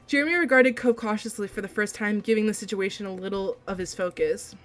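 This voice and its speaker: Excitable woman streamer reading a game aloud. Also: medium pitch, quick pace, hardly any pauses, faint music behind. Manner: gushing, excitable outbursts between steady reading. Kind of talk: reading a visual novel aloud with live reactions.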